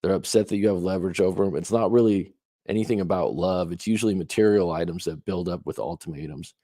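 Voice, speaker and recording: Dry, dark-voiced male relationship coach. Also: low-pitched, fast, no room sound. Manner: emphatic, rhetorical questions, acts out quoted lines. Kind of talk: advice talk reacting to questions.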